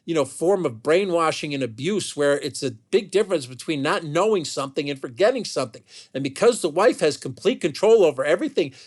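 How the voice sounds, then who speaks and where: A man telling a family story in an unscripted monologue, heated and animated, with many restarts and asides. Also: fairly high pitch.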